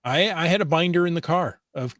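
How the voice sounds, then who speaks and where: A man's voice: on the high side, brisk, a bit bright, dry recording, clean studio sound. An easygoing man co-hosting a podcast, reading out listener comments and reminiscing in casual chat. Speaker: podcast co-host.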